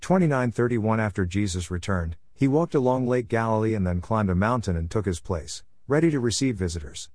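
Low-voiced man reading scripture. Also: brisk, few pauses, no room sound, studio quality. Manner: steady reading with verse numbers read aloud. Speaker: Bible reader.

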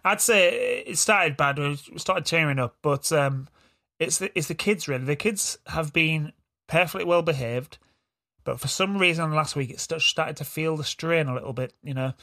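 A man's voice: a little high, moderate pace, gravelly, pushed and bright. A middle-aged man, co-hosting a podcast, who chats bluntly, swears and tells stories about his kids. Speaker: podcast co-host. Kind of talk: casual banter.

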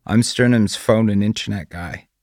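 A man's voice: on the low side, moderate pace, darkish tone, no echo, pitched above the performer's own voice, lightly acted. A man voicing a frazzled, defensive father, close to his own voice.

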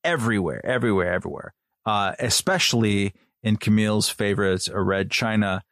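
A man's voice: lowish voice, a little fast, fairly bright tone, no room sound, clean studio sound. A man giving rambling, filler-heavy commentary on a podcast panel. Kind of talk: casual chat.

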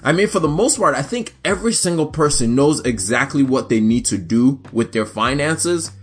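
Rambling, animated young podcast host, a man. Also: mid-range voice, normal speed. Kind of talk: casual solo podcast.

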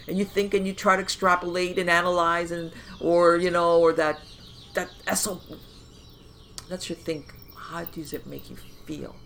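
A woman podcast host giving conversational advice, animated and talking in loose run-on phrases full of fillers, often acting out inner voices. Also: lowish voice, normal speed, a little hiss or hum. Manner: animated, acts out inner voices and quoted thoughts.

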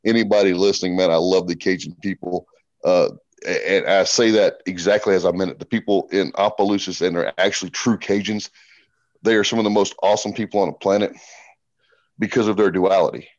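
A middle-aged man talking bluntly and profanely as a podcast guest, telling animated stories. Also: deep voice, fairly quick, muffled recording. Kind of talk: casual podcast conversation.

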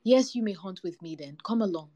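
A woman voicing a proud but easily frightened male hyena in a storybook tale, his voice pitched well up. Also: lively intonation, brisk, mellow, natural voice. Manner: proud then frightened whispers. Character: nervous boastful male hyena hunter.

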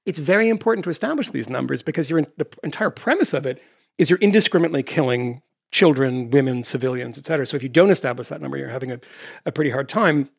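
A man hosting a casual interview, talking in an animated, emphatic way with quick asides. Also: medium pitch, gravelly, slightly rough, no echo, clean studio sound.

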